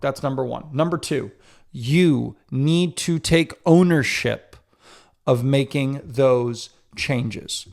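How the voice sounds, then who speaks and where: A man's voice: mid-range voice, slow, gravelly, darkish tone. A married man hosting a podcast, talking candidly and self-critically and speaking directly to the men listening. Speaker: podcast host. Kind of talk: casual solo podcast talk.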